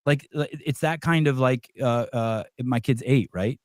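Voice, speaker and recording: A man's voice: mid-range voice, a little slow, clean tone, no room sound. A middle-aged man chats on a podcast in a rambling, unfiltered way. He restarts sentences often and drops in swear words. The sound is dry and close. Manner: rambling, many restarts and fillers, blunt and profane. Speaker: podcast host. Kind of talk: casual chat.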